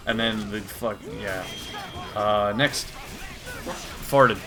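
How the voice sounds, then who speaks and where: A man's voice: lowish voice, steady tone, slow, long pauses, over music. A man doing comedic commentary while reading a comic aloud, crude, profane and exasperated. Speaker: YouTuber.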